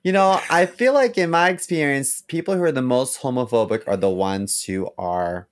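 A man's voice: mid-range voice, moderate pace. A man co-hosting a podcast in casual chat, rambling through stories with lots of fillers. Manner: rambling, animated storyteller. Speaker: podcast co-host.

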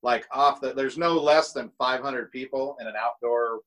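A man's voice: mid-range voice, normal speed, a bit bright, low-quality recording. Laid-back middle-aged man spinning tour stories. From United States. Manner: laid-back, rambling, swears freely. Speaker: guest drummer. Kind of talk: casual storytelling.

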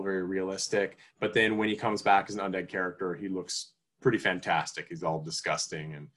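A man on a podcast talks through a movie in loose, casual chat. His voice sits a bit low, and he rambles with fillers and restarts, rising in pitch when he gets excited. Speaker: podcast co-host. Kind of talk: casual film review chat.

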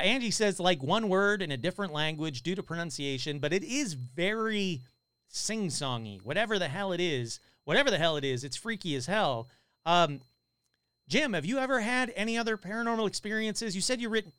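Excitable man hosting a podcast. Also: sits high, a little fast, clean tone, dry recording. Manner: excitable, casual, swears a lot. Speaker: paranormal podcast host. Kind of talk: live podcast chat reading viewer comments.

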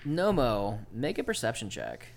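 A man's voice: medium pitch, wildly swooping pitch, normal speed, gravelly. Man as dungeon master, loose and rambling, filler-heavy narration. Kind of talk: narrating a tabletop game.

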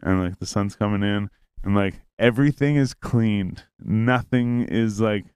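Young man, low voice, dry close sound; casual, profane storyteller who rambles. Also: measured pace, darkish tone, clear, resonant tone, no room sound. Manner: rambling, profane, acts out quoted lines.

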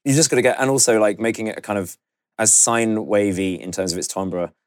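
A man's voice: on the low side, fairly even intonation, a little fast, background noise. A man guesting on a podcast, talking in a wry, self-deprecating, chatty way. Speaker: guest beatboxer and musician. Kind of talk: casual chat on a podcast.

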